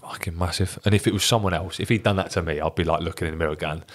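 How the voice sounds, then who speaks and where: Man, young adult, deep and quick, profane guest storyteller. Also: steady tone. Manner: swears often, laughs through his own story. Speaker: ex-professional footballer guest. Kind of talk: casual podcast storytelling.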